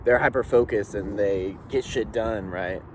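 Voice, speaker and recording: A man's voice: on the low side, measured pace, noisy background. A young man vlogging while hiking outdoors, chatting casually in a rambling, joking, candid way into a phone camera.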